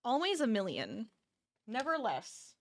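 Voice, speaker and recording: A woman's voice: on the high side, wildly swooping pitch, measured pace, dry recording, clean studio sound. A tired woman chatting casually with her viewers during a live crochet stream from her home office, laughing often and reading chat aloud.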